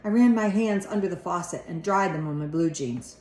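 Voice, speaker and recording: A woman's voice: on the low side, a little fast. Woman reading a storybook aloud. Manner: expressive narration. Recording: echoey room.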